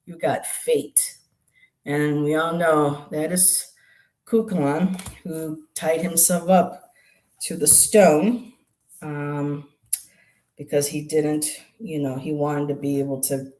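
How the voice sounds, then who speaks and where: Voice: mid-range voice, steady tone, takes it slowly, darkish tone. A tarot reader on a live stream who explains each card in a musing, hesitant way, with many ums and restarts. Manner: explains card meanings aloud.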